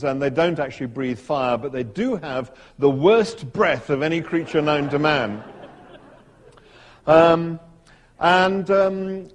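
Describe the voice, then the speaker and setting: Man telling a story in a reverberant hall. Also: fairly high pitch. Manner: dry humor, hesitant with restarts. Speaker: speaker giving a talk to an audience. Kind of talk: live talk with a read-aloud passage.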